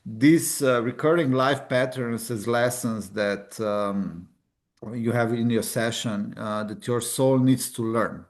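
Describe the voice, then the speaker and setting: Male host, relaxed filler-heavy chat, average pitch. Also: slow pace. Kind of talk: casual interview.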